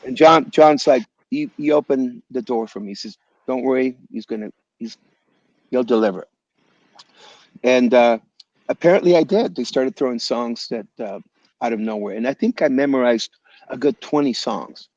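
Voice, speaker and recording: A man being interviewed as a guest musician over a video call, telling animated stories in a loose, slangy way and calling people "man" and "bro". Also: mid-range voice, normal speed, no room sound, lo-fi sound. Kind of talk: casual storytelling interview. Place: home in Los Angeles area.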